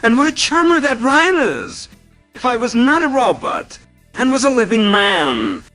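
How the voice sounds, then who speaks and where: A man's voice: very high voice, huge pitch swings, a little slow, pushed and bright, faint music behind, voice pushed up, heavily acted, rough recording. A man doing a flamboyant robot announcer. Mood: gushing. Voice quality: theatrical, gushing. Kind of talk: scripted show intro.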